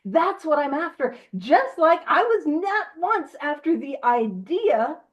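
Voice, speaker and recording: A woman's voice: sits high, sing-song, takes it slowly. A woman co-hosting an online recovery book study, chatting in an upbeat, jokey way. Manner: upbeat, jokey, laughs often. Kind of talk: casual online meeting talk.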